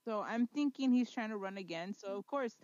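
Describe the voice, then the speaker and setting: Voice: medium pitch, expressive, fairly quick, darkish tone, dry recording, highs cut off. A podcast co-host in a casual chat who teases the host and laughs often.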